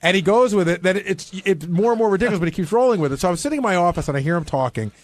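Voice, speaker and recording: Probing high-voiced radio man. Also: expressive, very fast, no room sound. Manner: probing, questioning storyteller. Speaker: radio show host. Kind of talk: radio studio banter.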